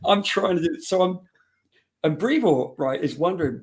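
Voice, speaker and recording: In a slightly high, slightly fast voice, this guest, a comic book writer, shares a humorous story during relaxed conversation and performs each quote with animated flair.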